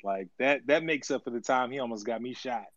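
A man co-hosting a casual live audio chat, animated and quick to laugh while trading playful jabs. His voice sits in a middle pitch and sounds dry and a little dull, like lo-fi stream audio. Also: no room sound. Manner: animated, laughs often, playful trash talk. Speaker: podcast co-host.

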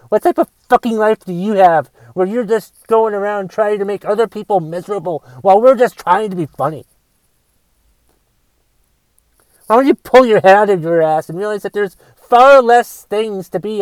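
A man voicing an angry adult man who rants, shouting and swearing, about being fact-checked on social media. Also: on the high side, dry recording, voice pushed down, close to an everyday voice, poor audio. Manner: profane, shouting rant. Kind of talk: comic rant in character.

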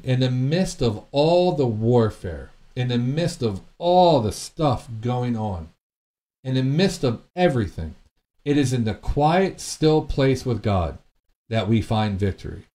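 A male pastor giving a sermon teaching, earnest, reading scripture loudly and then dropping to quiet reflection, with frequent repeated words and restarts. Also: medium pitch.

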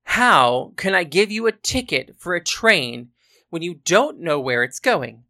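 Exasperated male train clerk, fussy and bright-toned, voiced by a woman. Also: lowish voice, sing-song, a little slow, exaggerated voice.

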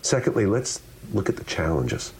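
A man's voice: deep voice, normal speed, creaky, a little hiss or hum. A man explaining public speaking as an interview guest, talking expressively and demonstrating different ways of saying things. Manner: expressive, demonstrates with shifting delivery.

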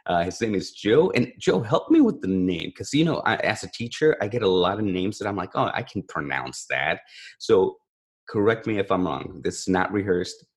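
A man's voice: on the low side, animated, normal speed. A man co-hosting a podcast over a remote call, chatting casually and rambling with self-deprecating jokes. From California. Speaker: podcast co-host. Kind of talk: casual chat.

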